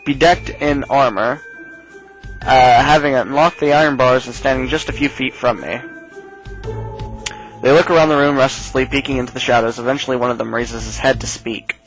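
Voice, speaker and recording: A man's voice: mid-range voice, fairly bright tone, poor audio. A man hosting a let's play, casually reading a text game aloud and adding his own asides. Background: faint game music.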